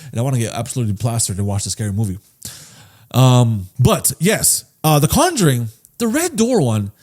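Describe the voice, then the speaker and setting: A man co-hosting a comedy podcast, ranting casually with heavy swearing, swinging from low mutters to loud outbursts. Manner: profane, animated, swings between mumbling and yelling. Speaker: podcast co-host.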